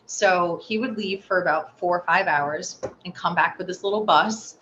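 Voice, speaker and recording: A woman being interviewed, telling a personal story with animated delivery and acting out the voices she quotes. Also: fairly low pitch, moderate pace. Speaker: interview guest. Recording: slightly dull audio with faint noise.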